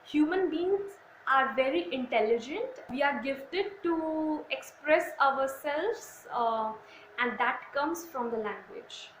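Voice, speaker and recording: A woman teacher, explaining a lesson slowly and deliberately with some fillers. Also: high-pitched, expressive, a bit bright. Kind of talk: classroom lesson. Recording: echoey room, faint noise.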